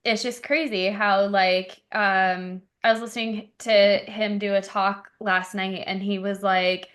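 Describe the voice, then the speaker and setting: Co-host: woman, mid-pitched, eager conversational tone, occasional "um". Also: flat delivery, slow, a bit bright. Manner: enthusiastic, retells stories with hesitant "um"s. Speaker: podcast co-host. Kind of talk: casual conversational podcast.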